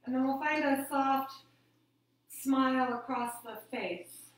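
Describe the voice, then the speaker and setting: Soothing female yoga instructor, unhurried guidance, slightly high voice, heavy room echo. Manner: calm, gentle, soothing guidance. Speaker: yoga teacher. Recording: very echoey room.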